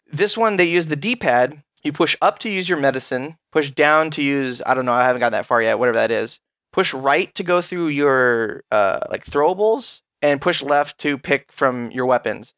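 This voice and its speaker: A man's voice: medium pitch, dry recording. A man co-hosting a podcast, ranting in a casual, profane way about a video game. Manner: profane, ranting, animated complaints. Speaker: podcast co-host.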